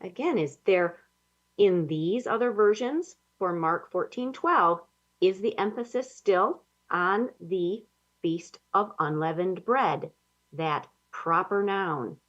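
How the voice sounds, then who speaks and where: Woman teacher, very slow measured reading, slightly dull recording. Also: fairly low pitch, animated, fairly bright tone. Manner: slow, deliberate reading of verses. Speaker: Bible study teacher. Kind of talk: scripted teaching narration.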